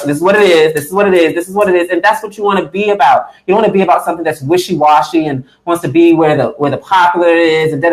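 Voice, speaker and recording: A man with a high, light voice tells his story emphatically and conversationally, leaning on "you know" and acting out his past thoughts. He speaks over a computer mic on a video call. A roomy echo hangs around his words. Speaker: guest speaker for a political party. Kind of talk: impassioned personal testimony in a webinar.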